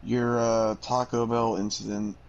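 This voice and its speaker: A man's voice: medium pitch, little pitch movement, measured pace, lo-fi sound. A man co-hosting a casual podcast, ranting bluntly with constant profanity. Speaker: podcast co-host.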